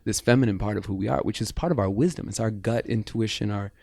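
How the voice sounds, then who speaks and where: A man's voice: lowish voice, fast, vocal fry, darkish tone, no room sound, studio quality. A man talking as a podcast guest about bodywork and breath, earnest and flowing, sometimes guiding the listener through breathing. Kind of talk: casual interview chat.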